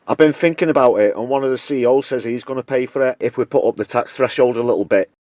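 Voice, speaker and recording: A man's voice: medium pitch, quick pace, darkish tone, slight background noise, lightly acted. A man putting on a blunt, cocky Mancunian woman politician with a slangy, combative manner, in a comedy sketch. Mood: brash. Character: brash, blunt northern female deputy prime minister. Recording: dull, dry lo-fi recording.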